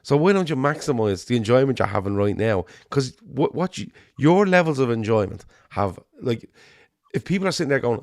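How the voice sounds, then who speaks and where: A middle-aged man with a Liverpool accent, co-hosting a casual football chat, animated and sweary, rambling with restarts. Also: medium pitch, fast talker, no room sound, studio quality. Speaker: podcast co-host.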